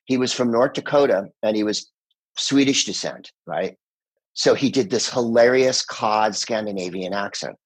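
A husky, fairly low-voiced man in his sixties, telling show-business stories in an easy, animated way. He chats casually as a podcast guest. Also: normal speed. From United States. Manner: animated storyteller, slips into impressions. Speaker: guest voice actor.

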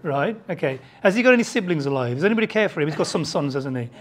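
A preacher delivers a sermon with a lively, rising and falling pitch. He hammers home points with rhetorical questions, swinging from loud outbursts to quiet, hushed asides. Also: rapid-fire. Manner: emphatic, full of rhetorical questions.

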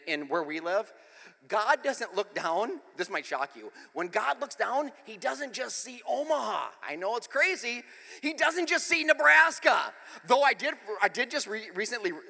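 A pastor giving a humorous, self-deprecating sermon with an animated storytelling manner, speaking in a church. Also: male voice, sits high, big-room sound. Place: church in the speaker's home city.

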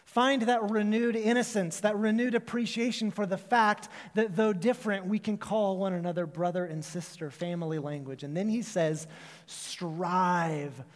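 A man preaching a sermon as pastor, telling stories in a conversational way with quick asides. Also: high voice, steady tone. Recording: long hall reverb.

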